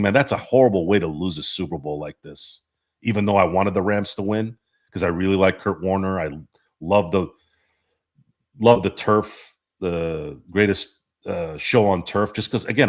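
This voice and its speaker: A man hosts a loose sports talk stream and answers the live chat. His voice sits a little low. He rambles from one story to the next, swearing freely and laughing at his own jokes. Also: moderate pace. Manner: rambling, profane, laughs often. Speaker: podcast host.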